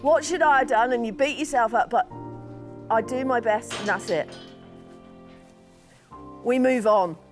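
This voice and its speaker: A woman's voice: on the high side, measured pace, pauses often, music in the background. A middle-aged English woman farmer talking casually and with feeling about her animals. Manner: chatty, emotional, talks softly to animals. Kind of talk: casual chat on a farm.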